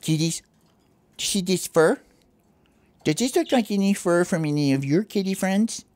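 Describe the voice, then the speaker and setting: A man doing a squeaky excitable bird. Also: moderate pace, dry recording. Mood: coaxing. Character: excitable pet bird detective. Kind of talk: home-made pretend play.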